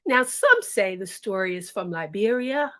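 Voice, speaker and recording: A woman storyteller telling folk tales in an expressive, animated, sing-song way. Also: mid-range voice, normal speed. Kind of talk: storytelling for listeners.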